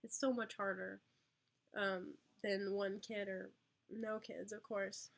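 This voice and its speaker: A woman's voice: mid-range voice, level tone, slow, vocal fry. A young woman and mother answering viewer questions on a casual live stream, with lots of ums and small laughs. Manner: chatty, lots of ums, talks to her baby. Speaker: vlogger and mother.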